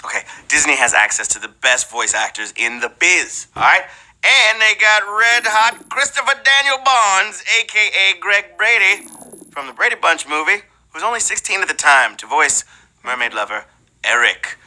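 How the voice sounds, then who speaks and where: Bright, lively trivia show host man. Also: high voice, moderate pace. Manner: playful, hyped, banters and calls viewers "babies"; breaks into snatches of song. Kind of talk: live trivia game show hosting.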